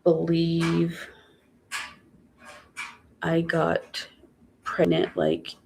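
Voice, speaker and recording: A woman telling her own story in a casual vlog, halting and upset, with many fillers and blunt swearing. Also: low voice, very animated, gravelly, darkish tone, a little hiss or hum. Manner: many fillers and trailing pauses.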